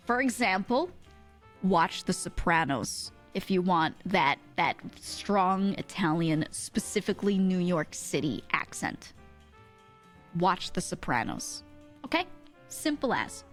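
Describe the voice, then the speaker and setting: A woman's voice: mid-range voice, fairly bright tone. A young woman with a mix of South Jersey and Philadelphia accent, chatting casually with her stream chat and laughing often.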